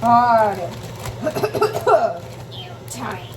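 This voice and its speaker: Young woman, casual kitchen vlog, rambling filler-heavy storyteller, slightly high voice, faint background hiss. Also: big pitch swings, drawn-out words. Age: young adult. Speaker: vlogger. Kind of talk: casual storytelling while cooking. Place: home kitchen.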